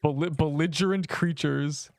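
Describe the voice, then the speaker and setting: Male game streamer, slightly high voice, excitable and rambling, quick laughs. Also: creaky, no echo, studio quality. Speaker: livestreamer. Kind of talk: gameplay livestream commentary.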